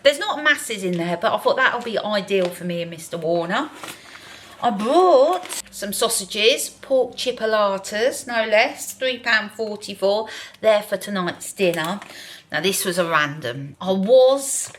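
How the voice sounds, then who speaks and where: A woman's voice: medium pitch, lively intonation, measured pace, a little hiss or hum. A woman vlogging in a chatty, self-deprecating way about her day. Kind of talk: casual vlog narration.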